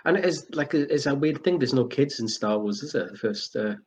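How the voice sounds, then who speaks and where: A young man co-hosting a casual podcast, joking and animated, his voice climbing when amused. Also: mid-range voice, brisk, noisy background. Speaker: podcast co-host. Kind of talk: casual chat.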